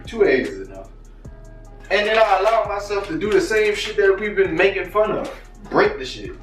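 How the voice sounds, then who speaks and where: A man's voice: high-pitched, moderate pace. A man in a casual vlog tells a story with lots of slang and swearing, his voice swinging up and down. The room is echoey, and faint music plays underneath. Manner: animated, profane, slangy storytelling. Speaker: vlogger. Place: kitchen, cooking breakfast.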